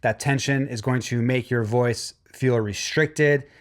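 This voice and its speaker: A man's voice: medium pitch, steady tone, a little slow. Male vocal instructor, mid-range voice, encouraging course narration. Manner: encouraging, demonstrates hums and sung lines.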